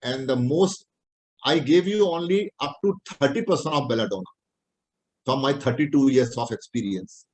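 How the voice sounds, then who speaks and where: A man's voice: mid-range voice, animated, moderate pace, darkish tone, rough recording. A middle-aged man with an Indian accent, a homeopathic doctor teaching a class in plain, repetitive English. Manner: plain-spoken, repetitive explaining, non-native English phrasing. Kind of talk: lecture.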